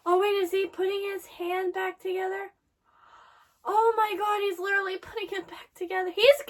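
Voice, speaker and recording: A woman's voice: very high-pitched, flat delivery, normal speed. A woman giving emotional reaction commentary while watching an anime, swearing and exclaiming.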